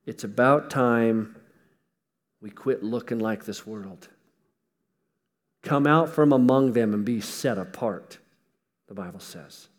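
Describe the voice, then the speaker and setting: A man preaching a sermon in a folksy, emphatic way, swinging between loud stresses and hushed asides, with touches of humor. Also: mid-range voice, slow pace, long pauses, big-room sound.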